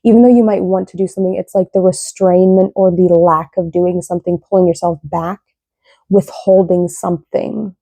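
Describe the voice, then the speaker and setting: A woman's voice: lowish voice, fairly even intonation, moderate pace, creaky, mellow, dry recording. A young woman giving a casual, rambling tarot reading, often tagging her sentences with "right?". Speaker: tarot reader.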